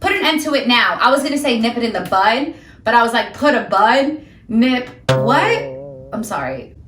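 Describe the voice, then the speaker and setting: Woman, motivational vlogger, emphatic and ranty, bright forceful voice, echoey room a little off-mic. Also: on the high side, sing-song, fast, distant mic, soft background music. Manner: emphatic, ranting, talks straight to the viewer. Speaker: sobriety vlogger. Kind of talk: direct-to-camera motivational talk.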